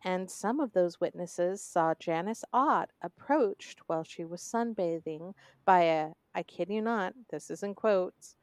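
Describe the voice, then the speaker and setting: A woman's voice: lowish voice, a little slow, few pauses, no room sound. A young woman hosting a true crime podcast, telling the story in a sarcastic, conversational way. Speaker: podcast host.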